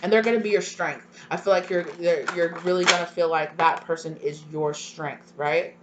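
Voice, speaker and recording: A young woman with a slightly low voice reads tarot live for her viewers. She gushes, tears up at times, and fills gaps with "um" and "right?". A faint hum sits under the recording. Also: steady tone, normal speed, lo-fi sound. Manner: emotional, gushing, many fillers and repeated "right?". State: tearful at times. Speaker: tarot reader.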